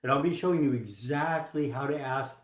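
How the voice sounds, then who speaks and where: Guy coaching docs on a live stream, casual and jokey, mid-pitched, echoey room. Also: fairly quick. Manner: casual, joking, acts out examples. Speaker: health coach teaching doctors. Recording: roomy echo.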